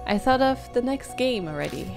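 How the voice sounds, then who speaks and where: A woman doing a gleeful ghost girl, high and singsong. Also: lively intonation, moderate pace, gravelly. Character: eerie playful ghost girl, small and cruel. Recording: game music playing behind.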